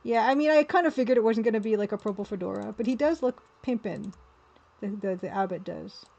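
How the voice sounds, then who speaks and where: A woman's voice: medium pitch, brisk, creaky, darkish tone, muffled recording. A woman livestreaming as an artist, chatting casually and playfully, with easy laughter. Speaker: livestreaming artist and game developer.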